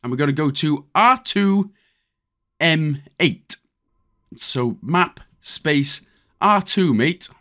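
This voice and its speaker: A man's voice: a little high, expressive, takes it slowly, pauses often, sharp tone. A man with a Welsh accent giving a casual, jokey step-by-step game walkthrough as a channel host. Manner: chatty, jokey, step-by-step instructions.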